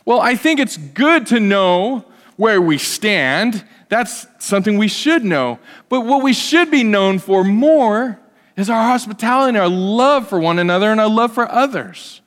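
A man preaching a sermon in a church sanctuary, his fairly high voice ringing through a long hall reverb. He talks to the congregation in a loose, conversational way and drops in humorous asides. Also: animated, measured pace. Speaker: pastor.

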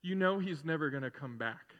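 The audio is dull with a long reverb tail as a man, a pastor, preaches a little fast in a slightly high voice. Casual and animated, he plays the characters while retelling a story and drops in conversational asides.

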